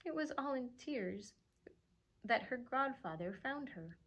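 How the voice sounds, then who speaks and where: A woman librarian reading a storybook aloud to children, expressive and animated, pausing to chuckle at the pictures. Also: high-pitched.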